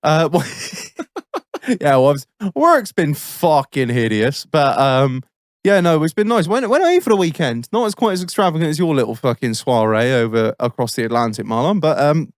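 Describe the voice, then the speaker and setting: A man's voice: on the high side, lively intonation, normal speed, dry recording, clean studio sound. A man, hosting a podcast and telling a long, rambling story full of swearing. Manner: swears constantly, rambling anecdotes with frequent laughs. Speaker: podcast host.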